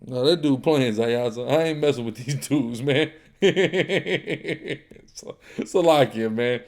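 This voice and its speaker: A man's voice: medium pitch, takes it slowly, a little mellow. A man co-hosting a livestream Bible class who talks in street slang, laughs often, and answers viewer comments with insults. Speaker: co-host reading viewer comments.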